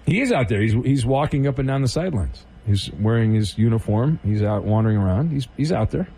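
A man hosting a sports call-in radio show, deadpan and teasing, often restarting his sentences. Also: medium pitch, brisk, vocal fry, slightly rough. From Southern California. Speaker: sports talk radio host.

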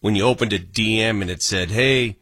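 A man's voice: lowish voice, brisk, husky, no room sound. A man hosting a casual talk radio show, telling stories animatedly and acting out the dialogue. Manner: animated storytelling, acts out quoted dialogue.

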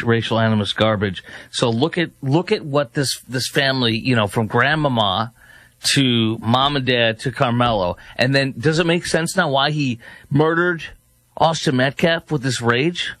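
A man's voice: medium pitch, a bit bright, dry recording. Male commentary host, sarcastic, scornful, dry close mic. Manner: scornful, sarcastic, talks over clips. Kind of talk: opinionated news commentary.

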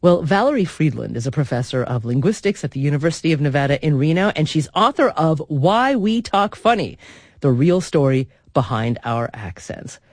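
A woman radio host speaks with an animated, lively pitch that rises and falls freely. Her delivery is articulate and expressive. The studio sound is close and dry. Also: moderate pace, no room sound. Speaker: radio talk show host. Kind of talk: scripted radio introduction and interview. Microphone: studio microphone.

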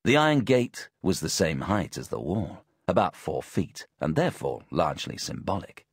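Husky, wry male audiobook narrator. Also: low voice, sing-song, no room sound, studio quality. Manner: wry, measured storytelling. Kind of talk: first-person scripted narration.

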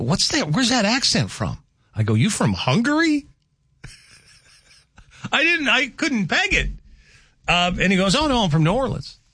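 A man's voice: dry recording, studio quality. A man hosting a morning radio show, chatting casually and rambling with self-mocking asides. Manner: rambling, self-mocking, animated with pitch jumps. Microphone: studio microphone.

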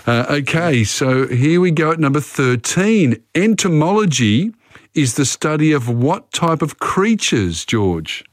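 A man hosts a call-in radio quiz in a dry studio sound with no room around him. His pitch sits mid-range, and he talks casually, reading each question and then chatting it through. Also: sing-song, unhurried, no echo.

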